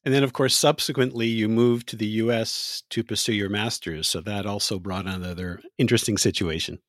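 A man's voice: on the low side, steady tone, brisk, dry recording, clean studio sound. A man interviewing a guest, asking prepared questions with enthusiasm and drawing on her profile. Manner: enthusiastic, reads background from profile.

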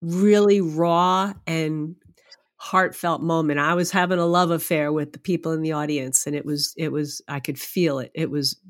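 A woman guest on a podcast interview, telling a story in an animated, emotional way and laughing often. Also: low-pitched, moderate pace. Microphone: remote podcast microphone.

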